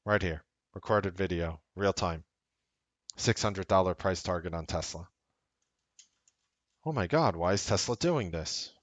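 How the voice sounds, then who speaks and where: A man hosting a trading livestream, talking bluntly and sarcastically, swinging from loud outbursts to low asides. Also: measured pace, pauses often, dry recording. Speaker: trading coach and livestream host. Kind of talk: unscripted livestream commentary.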